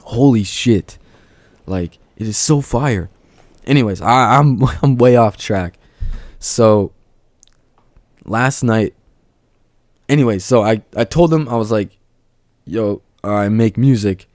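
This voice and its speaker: Male actor as young amateur rapper, low mellow voice, slangy off-script ramble to camera. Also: takes it slowly, pauses often, no room sound, clean studio sound. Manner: rambling, slangy, digressive storytelling. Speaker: aspiring musician.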